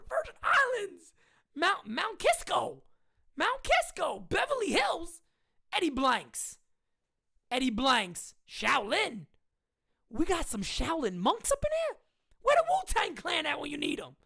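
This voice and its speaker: A woman hosting a live-stream sports chat, talking in a hyped, slangy way as she shouts out viewers. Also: extremely high pitch, huge pitch swings, slow, vocal fry.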